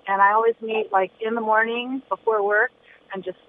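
A woman calling in to a radio show by phone, speaking in a halting way with fillers and restarts. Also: a little high, steady tone. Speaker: caller. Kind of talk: call-in phone chat. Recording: tinny phone line with faint hiss.

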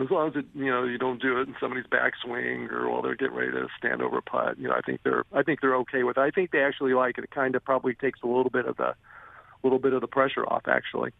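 A man with a gravelly, creaky voice chats loosely on the radio about golf, stopping and restarting his sentences. He comes through a narrow, tinny phone line with a dry sound. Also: mid-range voice, quick pace, dry recording. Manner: rambling, many restarts and fillers. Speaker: golf writer, radio guest. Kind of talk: casual radio interview.

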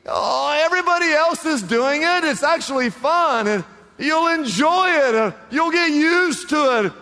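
A preacher voicing a sly male devil who coaxes and wheedles in a soft, tempting voice. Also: very high-pitched, lively intonation, a little slow, long reverb tail, pitched above the performer's own voice, heavily acted. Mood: coaxing. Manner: wheedling, coaxing.

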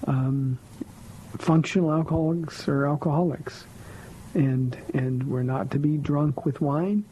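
A man's voice: a little high, steady tone, unhurried, mellow, a little hiss or hum, poor audio. A man hosting a radio call-in show as a pastor, answering listener questions about faith in a firm, blunt, plainspoken way from a studio.

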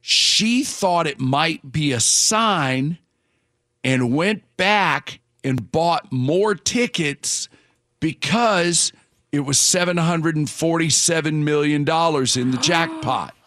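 A man's voice: fairly high pitch, slow, a bit bright, no echo, clean studio sound. A man hosting a morning radio show, chatting casually and rambling with fillers and restarts. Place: radio studio.

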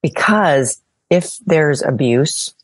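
Low-voiced woman interviewer, dry sound. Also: expressive, takes it slowly, husky, no echo. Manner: supportive, frequent short affirmations.

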